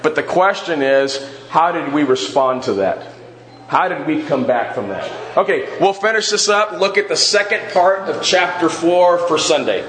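A middle-aged man leads a church Bible class in an earnest, questioning way. His voice sits a bit high for a man. The room adds a noticeable echo. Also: expressive, normal speed, fairly bright tone. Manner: earnest, asks the group questions, often adds "all right?". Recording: echoey room.

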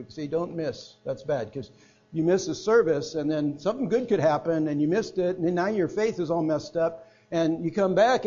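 A middle-aged man preaching a sermon, swinging between loud emphatic stresses and quiet, hushed phrases. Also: high voice. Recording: dull lo-fi sound with mains hum.

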